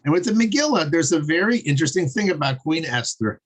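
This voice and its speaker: A man's voice: a little high, animated, fast talker. A man teaching a casual online Torah class over a video call, chatty and digressive, chuckling as he tells jokes.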